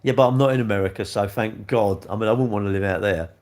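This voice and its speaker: An older English man hosts a casual livestream, reading viewer comments aloud and answering with blunt, cheeky banter peppered with "mate" and "innit." His voice is fairly low and a little mellow, and he talks fast.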